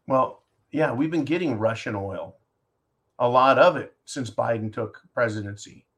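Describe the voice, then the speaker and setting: Man, talk show host, mid-range voice, sarcastic, ranting, animated, talks to his listeners as folks. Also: medium pitch, unhurried. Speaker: host reading listener questions. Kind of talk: casual opinion talk show.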